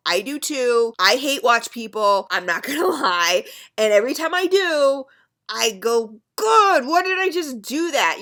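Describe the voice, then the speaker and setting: A woman's voice: medium pitch, a bit bright. A woman in her thirties ranting frankly to her webcam at home, blunt and swearing freely. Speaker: beauty and vape vlogger. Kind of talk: unscripted webcam rant.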